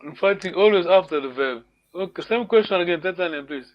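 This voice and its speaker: A man's voice: sits high, a little fast, muffled recording. A man teaching a language class online, correcting students patiently and encouraging them.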